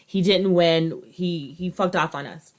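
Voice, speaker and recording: A woman's voice: on the low side, unhurried. Woman podcast host telling a crazy story, swears a lot, does the voices. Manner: animated retelling, acting out quotes, profane. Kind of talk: casual storytelling chat.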